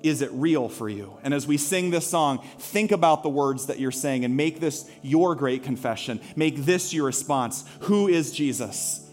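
Earnest pastor preaching over soft music. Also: male voice, a little high, normal speed, few pauses. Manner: earnest storytelling, rising to rousing calls to worship. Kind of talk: sermon. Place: church sanctuary.

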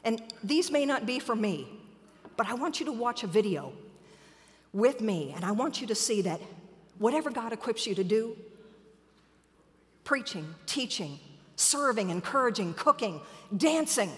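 A woman preacher speaks from a church sanctuary, her pitch a touch high and swinging widely. She builds her sermon into fervent, rising exhortation. A long reverb rolls off the walls of the large hall. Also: very animated, a little slow, pauses often.

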